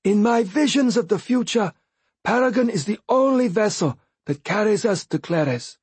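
A man voicing a high, anguished blind tumbler. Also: lively intonation, normal speed, breathy edge, no echo, full character voice. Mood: insistent. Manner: intense and pleading. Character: blind, bitter, desperate male former tumbler. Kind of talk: audiobook character voicing.

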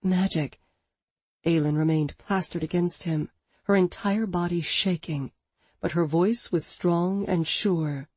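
Give me a woman narrating an audiobook with a dark, mellow tone, expressive and dramatic. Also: on the low side, unhurried, slightly rough, no echo. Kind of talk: scripted narration.

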